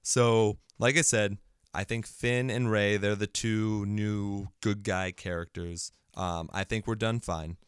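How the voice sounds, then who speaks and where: A man's voice: fairly low pitch, fairly even intonation, slow pace, clear, resonant tone, no room sound, clean studio sound. A man co-hosting a casual movie podcast, sarcastic and playfully smug, swearing freely. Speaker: podcast co-host.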